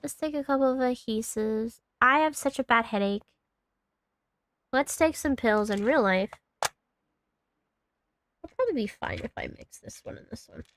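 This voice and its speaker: High-voiced woman streamer rambling, swearing. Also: a little slow, pauses often. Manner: rambling, swears freely, talks to herself. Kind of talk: casual gaming commentary.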